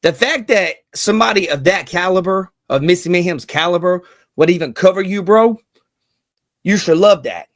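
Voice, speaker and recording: A man's voice: high voice, animated, moderate pace, dry recording, clean studio sound. A man hosting a casual commentary vlog, hyped and slangy, repeating lines for emphasis. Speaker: channel host.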